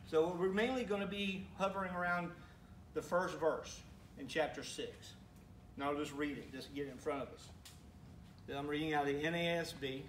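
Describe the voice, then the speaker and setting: A male pastor preaching a sermon in a relaxed, conversational way, asking the congregation questions and making teasing asides. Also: a little high, normal speed, recorded from a distance, slight background noise. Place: church sanctuary. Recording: echoey room, speaker away from mic.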